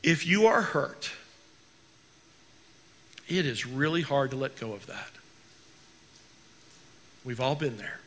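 A male pastor preaching a sermon in an earnest way, slowing down to stress key words. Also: mid-range voice, animated, a bit bright.

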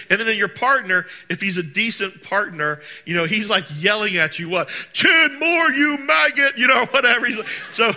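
A man preaching a sermon to a congregation, talking conversationally, asking the room questions and acting out scenes with sudden shouts. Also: high voice, creaky. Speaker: pastor. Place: church service.

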